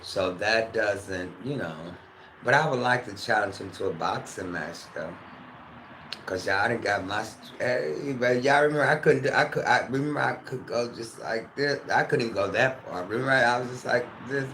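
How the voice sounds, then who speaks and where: A man's voice: medium pitch, moderate pace, pushed and bright. A man hosting a casual livestream from his kitchen. He rambles loosely, swears freely and talks straight to his chat. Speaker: livestream host. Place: home kitchen. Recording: echoey room with background noise.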